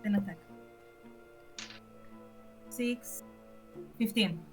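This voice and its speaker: A woman's voice: medium pitch, drawn-out words, faint music behind. A brash woman who swears freely, playing her character at a tabletop game.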